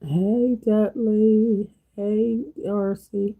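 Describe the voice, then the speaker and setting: A woman hosting a casual cooking vlog, talking in a relaxed, folksy way to herself and greeting viewers by name. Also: medium pitch, extremely slow, narrow, tinny audio. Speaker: cooking channel host. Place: home kitchen.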